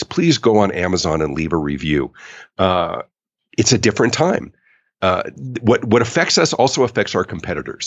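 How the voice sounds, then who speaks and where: A man talking as a guest in a podcast interview, emphatic and animated. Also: fairly low pitch, breathy edge, no room sound, dull audio. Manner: animated, emphatic, acts out quoted customers. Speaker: author and customer experience speaker, guest.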